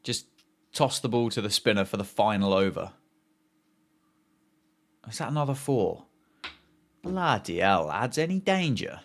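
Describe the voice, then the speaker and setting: A man's voice: lowish voice, big pitch swings, measured pace, pauses often. A man hosting a live cricket watchalong, chatting casually, joking and reacting to play and viewer comments.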